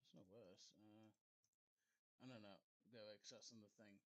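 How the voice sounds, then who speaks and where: A man's voice: lowish voice, steady tone, moderate pace. A man streaming a game, muttering to himself and chuckling while he fiddles with his computer microphone. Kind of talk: casual live stream chat. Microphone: desktop computer microphone.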